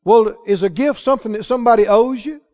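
A man's voice: high voice, fast, darkish tone. A man preaching a sermon, emphatic and asking his listeners questions as he goes. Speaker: pastor. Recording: dull lo-fi sermon recording.

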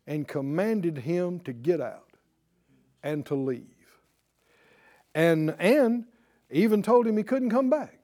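A man preaching a sermon in a high voice. His pitch leaps and swoops as he acts out little scenes. He calls out to the congregation and waits for them to answer. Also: takes it slowly, pauses often. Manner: animated storytelling, acting out dialogue; call-and-response with congregation.

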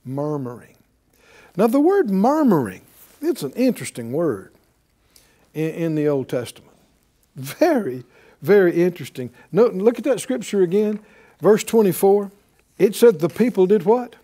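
A man preaching a conversational sermon, asking his listeners questions and chuckling along the way. His voice sits high and swoops widely. The tone is mellow and dark, and he speaks slowly. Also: big pitch swings. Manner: conversational, asks the audience questions, chuckles often. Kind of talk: sermon teaching.

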